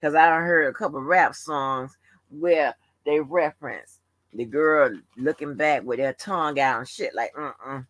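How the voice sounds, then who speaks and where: A woman's voice: low-pitched, measured pace, no echo. A woman hosting a livestream open forum, telling stories in a blunt, profane, casual rant. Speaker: livestream host.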